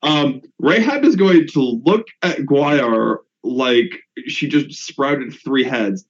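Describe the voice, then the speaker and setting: A man playing a tabletop role-play game, expressive and incredulous in tone. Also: mid-range voice, takes it slowly, few pauses. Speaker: player. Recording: dull lo-fi mic.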